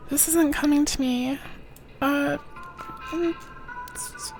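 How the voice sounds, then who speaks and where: Young female streamer, high voice, chatty, reads and muses out loud. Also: steady tone, takes it slowly, soft background music. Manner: giggly, reads text aloud, thinks out loud. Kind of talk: live game stream commentary.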